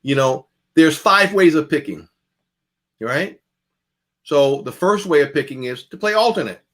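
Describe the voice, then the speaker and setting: A man's voice: on the high side, expressive, a little slow, fairly bright tone. A man giving a jazz guitar masterclass, talking casually and calling out picking strokes as he demonstrates. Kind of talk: masterclass lecture.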